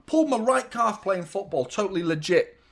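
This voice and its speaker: A man's voice: high voice, expressive, brisk, creaky. A man, chatting casually and self-mockingly as host of a football watchalong stream, swearing freely. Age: 30s. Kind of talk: casual live-stream chat.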